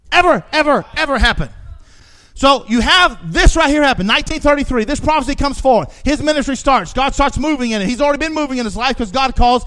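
High-pitched man preaching emphatically. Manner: emphatic preaching, repeats words for stress, swings from hushed to shouting. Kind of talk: sermon.

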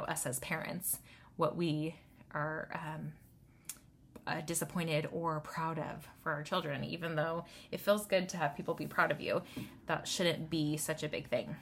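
A woman in her thirties with a slightly low voice, talking casually through self-help rules. Her delivery is loose and chatty, full of "um" and "like". She often ends a point with "right?" to check in with the listener. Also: vocal fry, fairly bright tone, a little hiss or hum. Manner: conversational, tags points with "right?"; loose, with many fillers. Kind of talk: casual advice talk.

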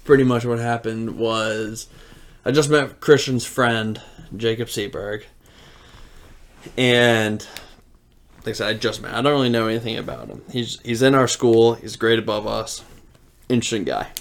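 Young male podcast co-host, animated storyteller, mid-range voice, casual. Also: medium pitch, normal speed, long pauses. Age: young adult. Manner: animated, laughs through his own story.

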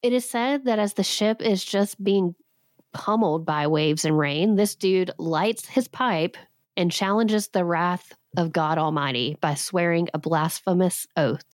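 A woman's voice: lowish voice, unhurried, no room sound, studio quality. A woman in her thirties hosting a podcast, retelling a legend with sarcastic comic asides and frequent laughs. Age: 30s. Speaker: podcast host.

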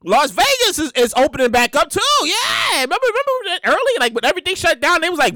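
A young woman from New hosting her own show, ranting in casual comedic commentary, swearing freely and acting out people in quick voices. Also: high voice, sing-song, a bit bright, no room sound. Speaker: podcast host.

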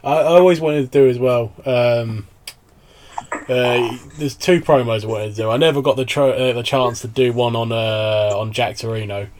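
A man hosts a relaxed podcast chat. He speaks in an ordinary mid-range voice. He stumbles with "uh"s as he talks through his ideas. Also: mid-range voice, normal speed, a little hiss or hum. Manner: hesitant, with many "uh"s and laughs. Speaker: podcast host.

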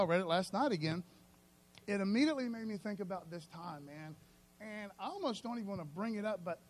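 Male preacher, high voice, conversational sermon, storytelling, soft-to-loud swings. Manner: conversational, storytelling, says "man" often.

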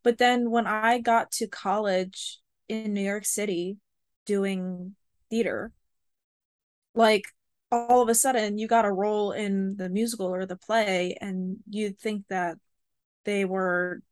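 A woman in her twenties, co-hosting a podcast, chatting casually and telling animated stories with lots of fillers. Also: medium pitch, slow, no room sound, clean studio sound. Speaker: podcast co-host. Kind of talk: casual chat.

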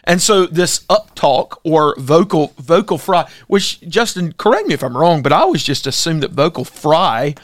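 Male pastor co-host, emphatic opinion talk, slightly high pitch, dry studio sound. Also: big pitch swings, normal speed, hardly any pauses, dry recording. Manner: opinionated, emphatic, rhetorical questions. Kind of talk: casual talk show commentary.

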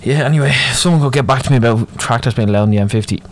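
A man's voice: medium pitch, very fast, a little hiss or hum. Sweary Dublin man ranting. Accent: Irish, Dublin. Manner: moaning, sweary, rambling. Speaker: podcast host. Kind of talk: solo ranting podcast.

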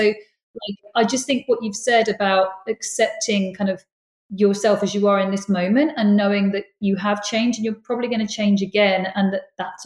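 A woman's voice: mid-range voice, reverberant, low-quality recording. A woman hosting a podcast interview, speaking in an earnest, affirming, reflective way. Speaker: host, performance coach.

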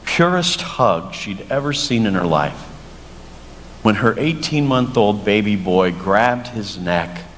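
A man, a pastor, preaching a sermon in a slow, earnest storytelling manner and leading a prayer. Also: fairly low pitch, expressive, fairly bright tone. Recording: long church reverb, faint noise.

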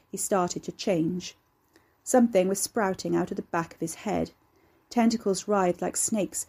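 A woman narrating a serialized horror story in a steady, measured way. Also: fairly low pitch, husky. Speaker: narrator and author. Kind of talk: serialized horror fiction reading.

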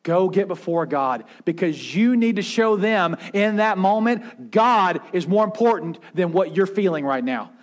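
A man pastor preaching a sermon, swinging from intense raised passages to hushed quiet ones and acting out voices as he retells. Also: sits high, animated, measured pace, few pauses. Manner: preaching with rising intensity and dramatic quiet drops; acts out quoted voices in his retelling.

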